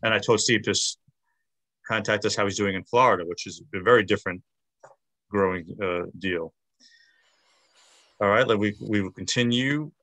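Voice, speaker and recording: Man, low and dry, hosts a video call, halting, many "uh"s. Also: pushed and bright, no room sound. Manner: hesitant, with frequent fillers and restarts. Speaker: meeting moderator. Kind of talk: casual video-call chat.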